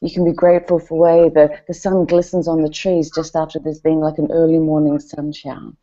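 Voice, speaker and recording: A middle-aged woman tells personal stories to an audience, animated and chatty. Her voice sits low and sounds warm and relaxed. The recording is dull and lo-fi. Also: fairly quick. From New Zealand. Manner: animated, expressive, chatty with fillers. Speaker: event speaker. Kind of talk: personal storytelling talk.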